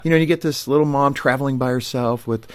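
A man hosting a radio talk show, chatting and telling stories in a relaxed, laughing way. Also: mid-range voice, fast. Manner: chatty, storytelling, laughs easily. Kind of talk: conversational radio interview.

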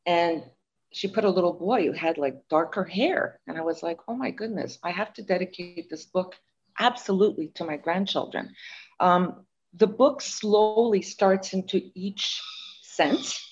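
Older woman, slightly husky, chatty. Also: lowish voice, a little slow, dull audio. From Montreal, Canada. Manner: chatty, animated storytelling with fillers. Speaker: guest author. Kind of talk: interview chat.

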